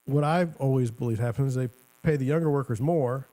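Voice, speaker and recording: A man's voice: medium pitch, brisk, mellow. A middle-aged man hosting a talk show, rambling and sarcastic in casual commentary, often cutting himself off mid-sentence. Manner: rambling, sarcastic, self-interrupting. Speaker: show host.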